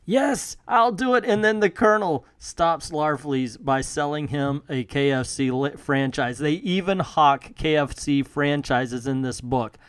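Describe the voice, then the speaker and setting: Man, comic book reviewer, amused and mocking, slightly high voice, dry close sound. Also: measured pace, few pauses, clear, resonant tone, no echo.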